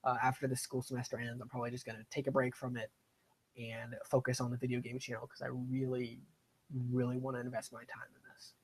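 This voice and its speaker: Young dude rambling on a live game stream, chatty and kinda self-deprecating. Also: male voice, mid-range voice, monotone, fast talker, breathy edge. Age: young adult. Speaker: gaming streamer. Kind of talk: casual live-stream commentary while playing.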